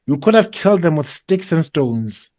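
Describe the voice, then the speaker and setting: A man voicing an exasperated male alien general, who scolds his troops in a slow, low grumble. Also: big pitch swings, a little mellow.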